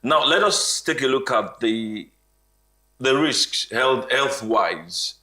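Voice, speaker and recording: Casting: male host, bright tone, hesitant delivery. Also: mid-range voice, expressive, slow. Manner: hesitant, self-correcting. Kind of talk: panel talk.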